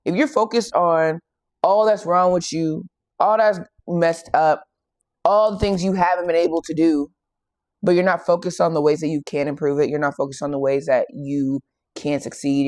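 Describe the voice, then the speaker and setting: A woman hosting a faith and fitness channel who retells a Bible story in a casual, animated way and acts out the quoted lines. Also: low voice, moderate pace, no echo.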